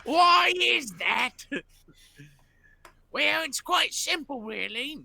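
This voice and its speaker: A player voicing a bumbling male royal cook in a rough, folksy put-on voice, in a tabletop game. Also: extremely high pitch, lively intonation, extremely slow, sharp tone, heavily acted. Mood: boastful. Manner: rough folksy drawl, says "me ears".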